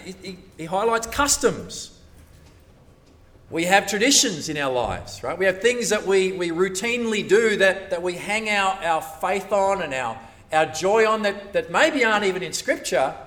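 Lively, bright-voiced preacher. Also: male voice, high voice, moderate pace, recorded from a distance. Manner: lively, animated, acts out voices of churchgoers, laughs often. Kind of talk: sermon.

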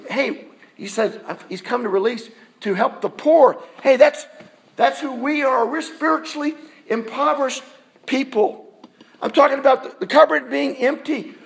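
A man preaching a sermon in a church, his voice pitched high and carrying a gravelly fry. He talks to the congregation in a conversational way and keeps throwing rhetorical questions at them. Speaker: pastor.

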